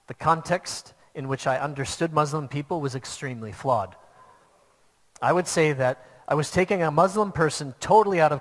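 A man preaching a sermon to a church, telling a personal story in an earnest, plain way. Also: medium pitch. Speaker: pastor. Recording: long hall reverb.

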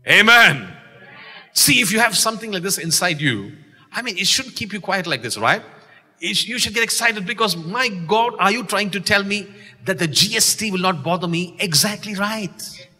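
Exuberant preacher with a bright, husky voice. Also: male voice, high voice, animated, normal speed. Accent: Malaysian English. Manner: exuberant, calls for audience responses, shouts key lines. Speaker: pastor. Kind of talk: sermon. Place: church sanctuary. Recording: long church reverb.

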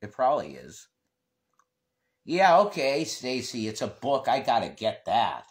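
A man from northeastern Pennsylvania with a local accent, chatting loosely and animatedly while reading viewer comments. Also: medium pitch. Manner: animated, rambling, quick to laugh. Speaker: livestream host. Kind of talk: casual chat reading comments.

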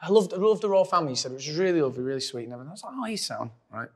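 Man in his 40s, chatty co-host, slightly high voice, laughs through his anecdotes and swears freely. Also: animated, rapid-fire, a little mellow. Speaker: podcast co-host. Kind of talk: casual chat between old friends.

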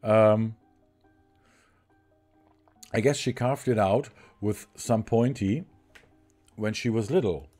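Low, mellow-voiced man streaming a game. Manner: reads haltingly, restarts and rereads lines, chats with viewers in between. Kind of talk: live game commentary, reading on-screen text aloud.

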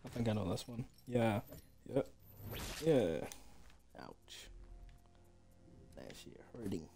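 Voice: medium pitch, lively intonation, slow, creaky, over music. A streamer giving casual commentary while browsing a game's moves, laughing often and swearing freely.

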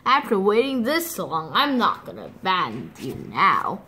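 A woman voicing a cranky fox who is raising a brood of chicks, curt and gruff. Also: mid-range voice, wildly swooping pitch, a little slow, pushed and bright, pitched below the performer's own voice, heavily acted. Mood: grumpy.

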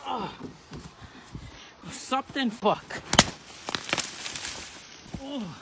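A woman in a comedy skit, swearing and bickering and shouting. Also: fairly high pitch, expressive, extremely slow, very noisy.

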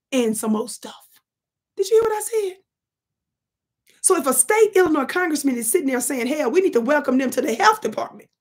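Middle-aged woman vlogger, breathy tone, high register, emphatic and chatty with her audience. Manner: emphatic, talks straight to viewers as y'all. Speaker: political commentary vlogger. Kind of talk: casual direct-to-camera commentary.

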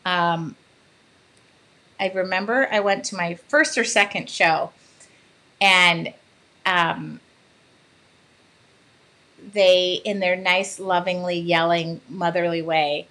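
A woman's voice: on the low side, steady tone, slow, long pauses, pushed and bright. A woman hosting a casual livestream about art, chatting with viewers and laughing often. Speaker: art channel host. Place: home art studio.

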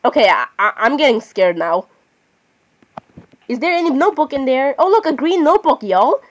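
A woman's voice: high-pitched, very animated, normal speed. A woman giving casual gameplay commentary, chatting on and arguing with herself, often breaking off to apologize. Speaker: gaming channel host.

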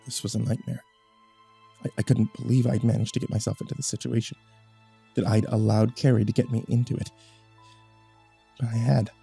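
Husky man reading horror stories. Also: medium pitch, little pitch movement, fairly quick, long pauses, dark tone, faint music behind. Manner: tense, dramatic first-person reading. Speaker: horror storyteller. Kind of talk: scripted horror narration.

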